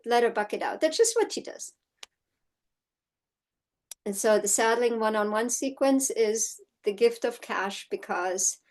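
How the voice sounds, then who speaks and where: Chatty middle-aged woman horse trainer. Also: mid-range voice. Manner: chatty storytelling, frequent "right?" tag questions; acts out quotes in animated voices. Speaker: horsemanship instructor. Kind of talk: casual course teaching.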